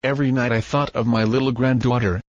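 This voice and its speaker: A man's voice: mid-range voice, steady tone, dry recording, highs cut off, lightly acted. A man reading as a grieving old grandfather. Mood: sorrowful. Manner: slow, solemn storybook reading.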